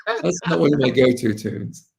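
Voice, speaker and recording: A man in his sixties from the Southern United States, a defense lawyer talking as a guest in a casual interview, animated and quoting others as he tells stories. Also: medium pitch, moderate pace, gravelly, noisy background. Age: 60s.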